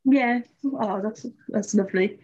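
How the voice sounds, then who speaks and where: A woman's voice: medium pitch, measured pace, darkish tone, highs cut off. Encouraging woman interviewer, brief replies. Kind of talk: casual interview.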